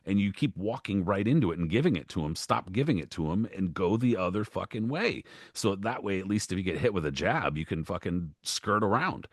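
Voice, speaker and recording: Low-voiced guy on a podcast breaking stuff down, matter of fact, curses now and then, dead dry mic. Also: lively intonation, a little fast, hardly any pauses, dry recording. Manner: matter-of-fact, explains in detail, swears casually. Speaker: podcast co-host. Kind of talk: casual podcast chat.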